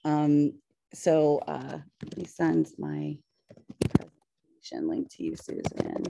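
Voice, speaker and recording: A woman in her forties with a Pittsburgh accent, a high school English teacher presenting on a video call, hesitant with many fillers. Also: wildly swooping pitch, slow pace, vocal fry, noisy background. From western Pennsylvania. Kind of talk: webinar presentation.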